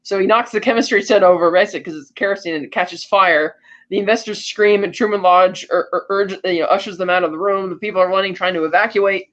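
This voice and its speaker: A podcast co-host with a high-pitched voice recaps a film casually, as if talking to a friend. His animated retelling is sprinkled with brief character voices, and the recording sounds somewhat dull and lo-fi.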